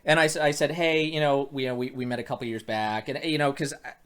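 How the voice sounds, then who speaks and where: Animated man telling a story. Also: mid-range voice, quick pace, clear, resonant tone. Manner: animated, acts out quoted dialogue with many restarts. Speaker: private investigator. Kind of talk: casual storytelling chat.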